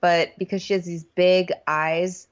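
A woman's voice: on the low side, level tone, a little slow, clear, resonant tone, dull audio. A woman co-hosting a casual chat, sarcastically recapping a reality show and acting out the contestants. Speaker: podcast co-host.

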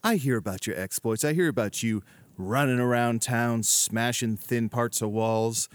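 A man's voice: medium pitch, normal speed, natural voice. An actor playing a pompous male rival librarian who puts on a theatrical affectation and stresses words oddly in an improvised comedy scene. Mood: threatening. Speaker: rival faction leader.

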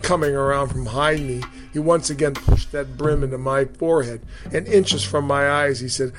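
A man narrating his own memoir in a measured, vivid way. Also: mid-range voice, fairly even intonation, over music. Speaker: storyteller recounting his own boot camp. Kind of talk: memoir reading.

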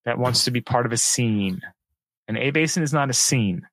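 There's no room sound around this man's medium-pitched voice, which moves at a normal speed. He's co-hosting a podcast, chatting casually yet animatedly, voicing firm views on ski resorts and passes with obvious love for the sport.

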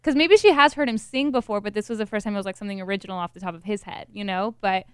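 A young woman co-hosting a podcast, telling things in an animated, giggly way. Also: mid-range voice, racing, clear, resonant tone, dry recording, studio quality. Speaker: podcast co-host. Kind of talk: casual chat.

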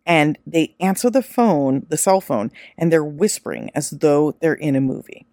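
A woman's voice: low voice, very animated, normal speed, darkish tone, dry recording, clean studio sound. A woman hosting a solo true-crime podcast, retelling a case in a casual, profane way and acting out the quoted lines. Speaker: podcast host.

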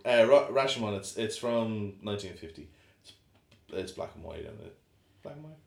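A man's voice: fairly low pitch, normal speed, vocal fry. A man co-hosting a podcast, chatting casually and rambling through film scenes with many restarts. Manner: rambling, restarts often, animated when retelling film scenes. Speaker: podcast co-host. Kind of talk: casual chat. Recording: echoey room.

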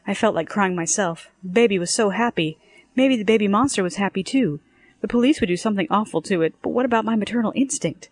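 A woman narrating a first-person story in a lively, expressive way and acting out the dialogue as she goes. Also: mid-range voice, fast talker, no echo.

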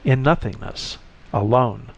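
A male audiobook narrator who reads slowly and deliberately, with a gravelly, fried texture in his voice. His pitch sits in the middle range. The recording is dull and lo-fi. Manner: slow, measured reading. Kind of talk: scripted narration.

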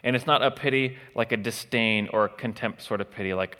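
A man preaching a sermon in a conversational way, pausing with frequent "uh" fillers and now and then acting out the attitudes he describes. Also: fairly low pitch, pushed and bright. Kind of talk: expository sermon. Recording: long hall reverb.

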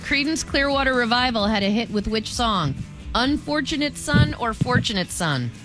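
Female radio co-host, higher voice, lively teasing banter, reads quiz questions. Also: moderate pace, music in the background. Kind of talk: casual morning radio chat.

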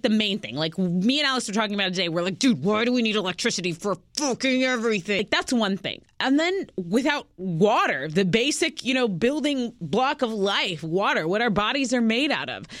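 A woman's voice: fairly high pitch, fairly bright tone, dry recording, studio quality. A woman with a Texan accent, a radio host venting casually, frank and profane, often repeating herself.

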